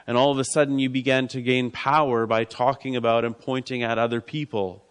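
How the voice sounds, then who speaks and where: Guy preaching a sermon, earnest, says stuff twice, goes real quiet sometimes, mid pitch. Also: flat delivery, fairly quick, smooth. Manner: earnest, repeats key phrases, drops to a soft hush.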